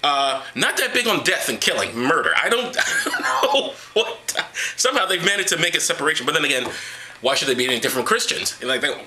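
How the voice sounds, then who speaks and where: A man's voice: a little high, expressive, rapid-fire, heavy background noise. A man reading Bible passages aloud and mocking them with profane, sarcastic rants. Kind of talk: sarcastic comedic Bible commentary.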